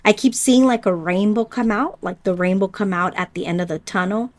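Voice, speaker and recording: A woman with a medium-pitched voice leads a pick-a-card spiritual reading. She speaks gently and reflectively, addressing her viewers directly. She pauses often and now and then trips over a word. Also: steady tone. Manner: unhurried with pauses and small stumbles. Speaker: oracle card reader.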